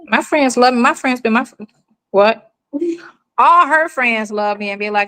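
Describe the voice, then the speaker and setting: Lively storytelling middle-aged woman. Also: on the high side, unhurried, rough recording. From United States. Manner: animated storyteller, acts out quoted people. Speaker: mother telling stories. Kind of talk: casual chat.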